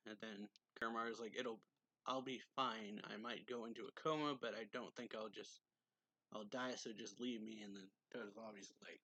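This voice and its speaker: A man's voice: fairly low pitch, normal speed, fairly bright tone, no room sound. Man casually recapping a manga. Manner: reads quotes in a slightly raised voice, laughs often. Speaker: manga reviewer. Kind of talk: casual recap reading out lines.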